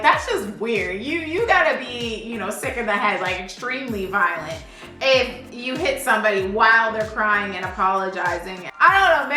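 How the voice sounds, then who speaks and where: A woman vlogging casually while doing her makeup and telling a story straight to her viewers. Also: fairly high pitch. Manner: casual and animated, often addressing viewers directly. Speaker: beauty vlogger. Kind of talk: chatty get-ready-with-me storytelling. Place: indoors, doing makeup on camera. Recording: echoey room with faint music behind.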